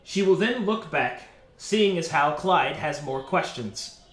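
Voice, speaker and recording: A man narrating a tabletop game as game master, telling the story in an unhurried way with fillers. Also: a little high, animated. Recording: echoey room.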